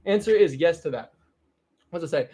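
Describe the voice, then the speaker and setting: High-voiced young man streaming, profane and rambling. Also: lively intonation, normal speed, dark tone, slightly rough. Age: young adult. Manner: profane, rambling, trailing off into mumbles. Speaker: livestreamer. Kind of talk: casual livestream chat and storytelling.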